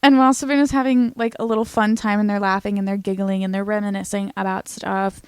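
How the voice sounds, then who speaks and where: A young woman casually recapping a TV series in a chatty, animated way, swearing now and then. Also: mid-range voice, quick pace, smooth. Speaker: recap vlogger.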